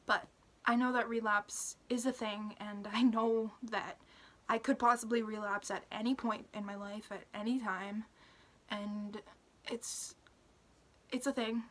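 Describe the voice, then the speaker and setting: A young woman talking through a personal update to her camera, halting and emotional, with many fillers and restarts, sometimes sinking to a whisper. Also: fairly high pitch, flat delivery. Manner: soft, drops into whispers. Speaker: vlogger. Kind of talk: personal recovery update vlog.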